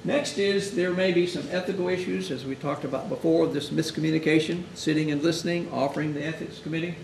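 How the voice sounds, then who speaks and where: Guy with a high gravelly voice teaching chaplains, lively storyteller, echoey room, mic kinda far off. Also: fast talker. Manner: animated storytelling, acting out families' words. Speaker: hospital chaplain instructor. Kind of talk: conversational lecture. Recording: echoey room, mic at a distance, faint hiss.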